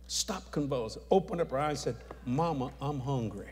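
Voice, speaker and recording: Evangelist telling stories, echoing hall. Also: male voice, a little high, brisk, few pauses. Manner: animated, acts out dialogue, shouts at climaxes. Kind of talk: storytelling testimony sermon. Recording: long hall reverb.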